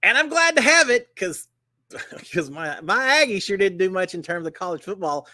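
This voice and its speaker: A man's voice: high voice, sing-song, normal speed, bright, forceful tone, no room sound, studio quality. A middle-aged man hosting a casual livestream chat, folksy and upbeat, with plenty of "uh" fillers. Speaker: host.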